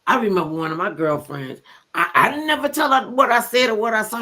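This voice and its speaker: An older woman hosts a talk show, telling stories in blunt, animated casual chat and acting out quotes. She talks fast in a mid-range voice.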